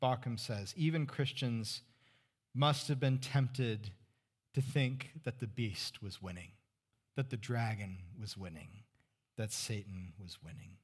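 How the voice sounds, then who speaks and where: A man preaching a sermon as pastor, conversational, asking the congregation rhetorical questions and dropping to a hush for emphasis. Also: fairly low pitch, slow, husky. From California Central Valley.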